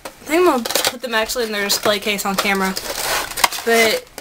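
A young woman vlogging an unboxing at home, gushing and excitable, chatting to her viewers. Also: fairly high pitch, a little fast, very noisy.

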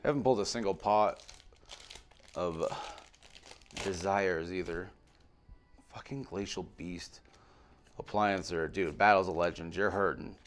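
Gravelly low-voiced man opening card packs. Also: unhurried, long pauses, noisy background. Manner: rattles off card names, swings between muttering and excited outbursts, swears freely. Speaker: card pack opener on a video channel. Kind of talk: casual pack-opening commentary.

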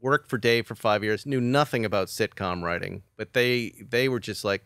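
A man's voice: on the low side, normal speed, few pauses, clean tone, no room sound, studio quality. A middle-aged man, a comedy writer, telling a story in a podcast interview and acting out the quotes. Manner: animated storyteller who acts out quotes.

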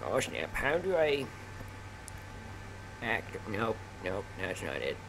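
A man commentating on his own gameplay, excitable and often blurting out exclamations. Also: lowish voice, slow pace, noisy background. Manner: excitable, keeps exclaiming "oh snap". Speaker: gaming channel host. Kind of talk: let's play commentary.

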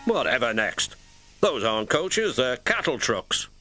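Snobbish steam engine, haughty, huffy, storybook, voice leaping up and down, music behind. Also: male voice, mid-range voice, big pitch swings, a little slow, voice pushed up. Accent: British. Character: proud, grumpy, snobbish male steam engine. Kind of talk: storybook character voice.

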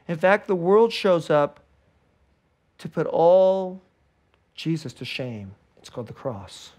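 With a high voice, a male pastor preaches conversationally, slipping into hushed tones between livelier stretches. He laughs between phrases.

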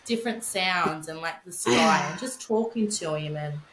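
A woman's voice: fairly low pitch, normal speed, a bit bright, echoey room, a little hiss or hum, low-quality recording. A young woman telling her story in casual podcast chat, candid, swearing freely, with many fillers. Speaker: podcast guest, bereaved mother.

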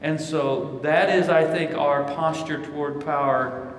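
In an unhurried voice on the high side, a Missouri-born pastor giving the keynote answers live conference questions, telling stories and voicing scripture quotes with energy, much like a sermon. Distant pickup in the echoey large hall adds a little hiss or hum.

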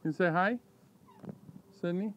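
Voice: mid-range voice, slow pace, fairly bright tone, dull audio. A bird owner making a casual home video, coaxing pet parrots in a repetitive sing-song voice. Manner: coaxing, sing-song, repeats the birds' names. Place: home with caged birds.

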